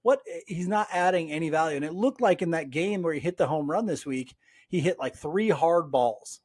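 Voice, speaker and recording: A man co-hosting a sports podcast, talking in an animated, exasperated way with plenty of fillers. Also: on the high side, normal speed, breathy edge. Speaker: podcast co-host. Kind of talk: casual sports chat.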